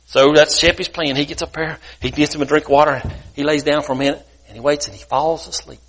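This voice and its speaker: A guest preacher tells a sermon story in a folksy, colloquial style. His voice is a little high and comes across bright and forceful. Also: fairly even intonation, fast talker, breathy edge.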